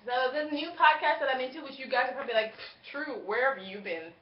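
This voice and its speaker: A rather high-voiced woman from Jamaica hosts a casual podcast, rambling and giggling through her thoughts with lots of ums. Her voice bounces around a roomy space, and the lo-fi recording sounds dull. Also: animated, fast, noisy background. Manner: rambling, giggly, many fillers. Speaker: podcast host.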